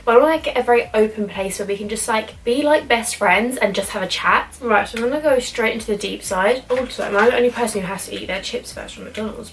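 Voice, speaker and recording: Young woman, YouTube host, casual chatty mukbang vlog, slightly distant mic, faint hiss. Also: medium pitch. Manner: chatty and animated, eating while talking.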